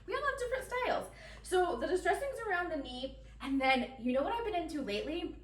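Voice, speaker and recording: A woman's voice: sits high, fairly bright tone, echoey room, far from the mic. A woman chatting casually and giggling through a try-on haul, talking straight to her viewers. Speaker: fashion vlogger.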